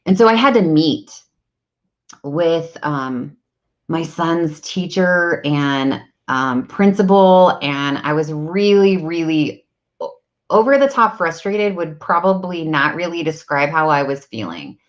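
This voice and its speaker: A woman in her thirties with a low, expressive voice speaks slowly on a live stream, talking candidly to viewers about self-improvement. She tells personal stories and acts out the conversations in them, and the sound is dull and lo-fi.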